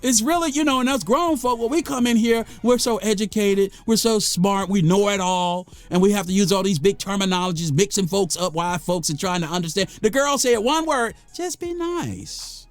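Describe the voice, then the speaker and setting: A man's voice: sits high, fairly quick, hardly any pauses, no echo, soft background music. An American man giving an impassioned, preachy monologue to the camera, repeating phrases for emphasis and getting worked up. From United States. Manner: gets worked up, then calms himself. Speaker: vlogger.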